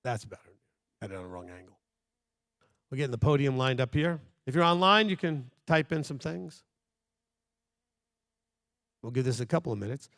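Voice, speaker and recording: A man's voice: mid-range voice, lively intonation, moderate pace, pauses often, fairly bright tone, no room sound, studio quality. A man leading a congregation as its rabbi, teaching in a conversational and emphatic way, speaking straight to the listeners.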